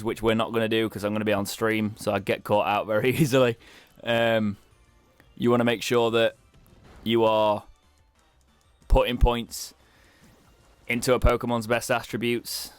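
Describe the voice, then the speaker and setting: A man's voice: medium pitch, smooth, no room sound. A young British man giving chatty, wry commentary as he plays a video game, with self-mocking asides. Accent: British English. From Britain. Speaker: let's play streamer. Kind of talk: casual gameplay commentary.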